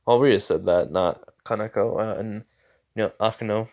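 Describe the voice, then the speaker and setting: A man's voice: lowish voice, fairly even intonation, normal speed, highs cut off. A man casually telling a made-up story off the cuff, rambling with lots of "like" and "you know". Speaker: fan fiction storyteller. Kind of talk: casual improvised story narration.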